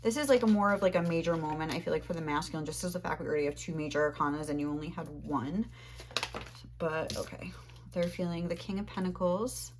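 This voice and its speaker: A woman's voice: deep voice, quick pace, a little hiss or hum. A young woman giving a casual tarot reading, rambling and filling her talk with "like", a little out of breath. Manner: rambling, heavy use of "like". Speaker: tarot reader.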